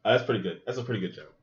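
Male podcast host with a very animated, crude watch-along delivery and a muffled lo-fi sound. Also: medium pitch. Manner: loose, profane, joking running commentary. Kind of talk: casual movie watch-along commentary.

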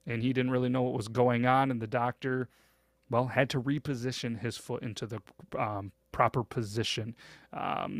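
A man's voice: medium pitch, no room sound. A young man tells a story on his podcast in a loose, meandering way, stopping often to find his words. His voice sits in an ordinary middle register. The sound is close and dry, with no room around it. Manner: rambling, full of hesitations and "you know" fillers. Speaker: podcast host. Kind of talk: casual storytelling.

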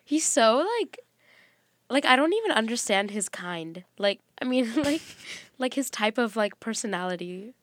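A woman's voice: fairly high pitch, lively intonation, moderate pace, fairly bright tone, no echo. A young woman co-hosting a podcast in casual chat, talking freely and laughing often. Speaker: podcast co-host.

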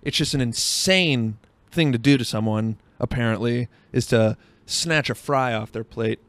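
A man's voice: medium pitch, unhurried, fairly bright tone, dry recording. A young man hosting a podcast, telling a rambling, profane story in a casual monologue full of fillers, talking while driving. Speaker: podcast host.

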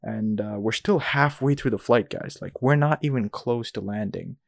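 A young man hosting a podcast, rambling through a story with lots of "like" and quick asides. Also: lowish voice, creaky, no room sound, clean studio sound. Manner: rambling, animated retelling with frequent "like" and asides. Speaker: podcast host. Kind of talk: casual storytelling.

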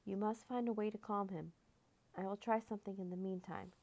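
Storybook wizard, old man, patient teacher, read by a woman, dark mellow tone. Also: mid-range voice, fairly even intonation, fairly quick, natural voice. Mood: calm. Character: old male wizard, calm and wise.

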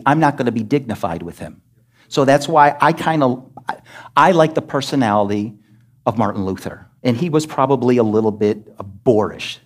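A pastor delivering an emphatic sermon in a church, scolding and asking rhetorical questions. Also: male voice, mid-range voice. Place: church sanctuary.

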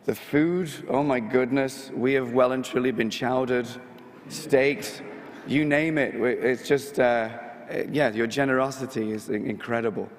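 A man from England with a Manchester accent, a missionary speaking at a parish mission, his voice hoarse from a recent illness, joking as he preaches. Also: medium pitch, steady tone, a little slow, in a large hall. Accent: Mancunian English. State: hoarse, getting over illness. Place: church.

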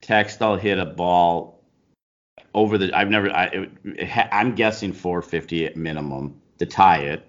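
A man's voice: low voice, normal speed, dull audio. A man co-hosting a casual talk show, telling a baseball story with lots of restarts and laughter. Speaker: co-host, baseball coach. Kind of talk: casual chat.

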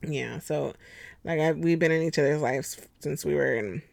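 A woman in her thirties hosting a podcast at home, chatty and expressive, laughing often. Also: deep voice, normal speed, gravelly, no echo. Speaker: podcast host. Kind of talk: casual chat.

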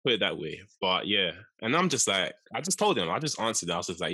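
A man's voice: low-pitched, quick pace, slightly rough, dry recording. A young man, co-hosting a casual chat and telling a story with lots of acted-out quotes and laughter. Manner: animated storyteller, acts out quotes, laughs often. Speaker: podcast co-host.

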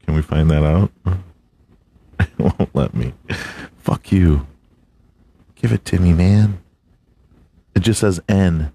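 A man's voice: low voice, slow, gravelly, long pauses, warm tone, slightly rough. A man hosting a casual solo podcast, swearing a lot, laughing, and fumbling through hard names. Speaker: podcast host.

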